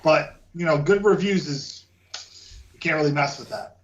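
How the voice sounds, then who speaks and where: A man's voice: a little high, normal speed, low-quality recording. A young adult man who cleans windows, trading casual jokes as a podcast co-host and laughing often. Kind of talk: casual banter.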